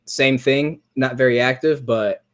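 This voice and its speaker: A man's voice: medium pitch, fairly even intonation, a little slow. Young male podcast co-host, easygoing chat, laughs through his anecdotes. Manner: laughing storyteller retelling comedy clips. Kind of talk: casual chat.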